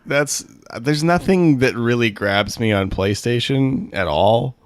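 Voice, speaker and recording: A man's voice: mid-range voice, animated, takes it slowly, no echo. A man co-hosting a casual podcast, thinking aloud with hesitant fillers. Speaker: podcast co-host.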